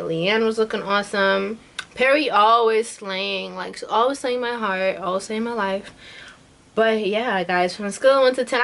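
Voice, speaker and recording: A woman's voice: medium pitch, a bit bright. A young woman in her twenties chatting casually in a reaction vlog, bubbly and full of slang, laughing often. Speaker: YouTube reaction vlogger.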